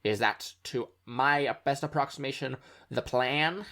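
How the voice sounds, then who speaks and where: A man's voice: medium pitch, measured pace, sharp tone. A man voicing a formal, earnest male rebel contact in a tabletop game, with a stiff, faintly transatlantic delivery. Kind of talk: tabletop role-play character voice.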